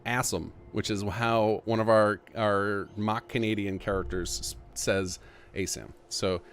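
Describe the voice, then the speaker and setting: A man with a fairly low voice hosting a casual livestream. He reads donations aloud and chats in an upbeat way, with faint noise in the background. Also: steady tone, unhurried. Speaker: streamer host.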